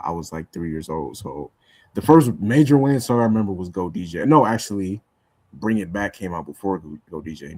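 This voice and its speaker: A man's voice: low voice, darkish tone, dry recording. A young man chatting casually on a podcast, rambling with lots of fillers and restarts. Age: young adult. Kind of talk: casual chat.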